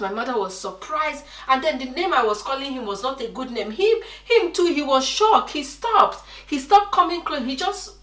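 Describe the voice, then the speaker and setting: A woman's voice: sits high, a bit bright. A woman from Nigeria with a Nigerian accent, chatting animatedly to viewers while cooking and telling a story. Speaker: vlogger. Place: home kitchen. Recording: echoey room, mic at a distance.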